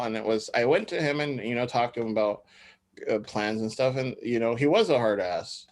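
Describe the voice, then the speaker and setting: A man's voice: mid-range voice, animated, fairly quick. Rambling man hosting a podcast. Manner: rambling, laughs often, many fillers. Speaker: podcast host. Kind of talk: casual chat.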